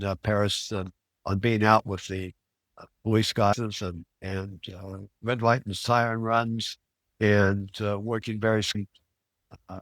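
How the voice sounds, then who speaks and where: An older man from Missouri telling a personal story in a casual, halting way, with many fillers and restarts. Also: fairly low pitch, no echo, studio quality. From Missouri, USA. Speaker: private investigator podcast host.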